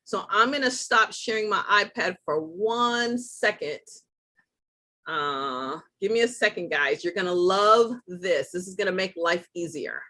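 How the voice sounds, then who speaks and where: A woman's voice: on the low side, lively intonation, a little slow, sharp tone. A woman hosting a live online tutorial, chatting casually and talking through each step with self-deprecating asides. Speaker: host.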